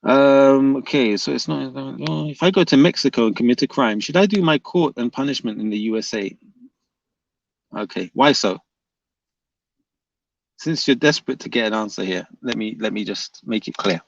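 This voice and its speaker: A man's voice: mid-range voice, expressive, moderate pace, vocal fry. Insistent man debating on a livestream. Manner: pressing, repeats questions, reads chat aloud. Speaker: livestream host debating chat. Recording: dull lo-fi dry sound.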